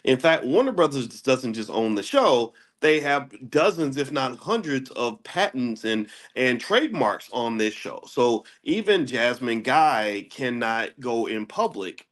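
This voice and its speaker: A man of ordinary pitch holding forth in a relaxed livestream lesson. He hammers his points with rhetorical questions and stumbles over repeated words. When he gets worked up, his voice leaps sharply upward. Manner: emphatic, asks rhetorical questions; jumps to a high pitch when making a point. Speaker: host of a daily finance class. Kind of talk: casual livestream lecture.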